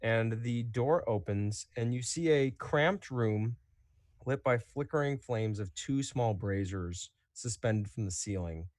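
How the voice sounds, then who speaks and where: A man narrating as game master in a tabletop game, relaxed and chatty with many fillers. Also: medium pitch, slow pace, no room sound, studio quality.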